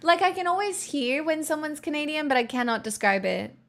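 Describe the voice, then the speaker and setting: An Australian woman chats casually with viewers on a live stream, rambling and filling her speech with "like." Her voice is high-pitched, a bit bright, and a little fast.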